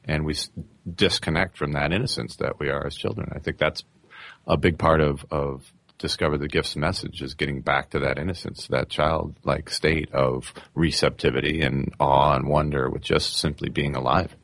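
A man with an extremely deep voice co-hosts a studio talk show. He speaks earnestly and reflectively in long, flowing sentences. The recording is close and dry. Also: steady tone, moderate pace, fairly bright tone, no room sound. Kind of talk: casual studio chat.

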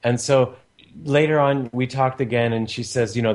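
A man hosting a radio talk show, telling a family story in a lively, chatty way. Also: moderate pace. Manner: animated, pitch jumps when quoting others.

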